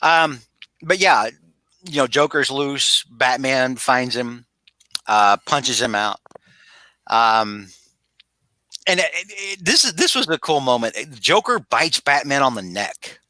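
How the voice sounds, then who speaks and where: A man's voice: mid-range voice, very animated, takes it slowly, pushed and bright, no echo. A man recapping a comic book on a podcast in a casual, rambling way, full of fillers and restarts, over a video call. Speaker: podcast host.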